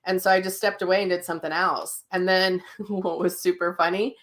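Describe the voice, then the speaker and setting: A middle-aged woman talks in a loose, chatty way, blunt and ready to laugh at herself. Her voice sits a little low for a woman. She answers viewer comments in a casual live session. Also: level tone, a little fast, fairly bright tone. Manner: blunt, chatty and self-mocking, with frank language. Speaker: psychic medium hosting a daily live session.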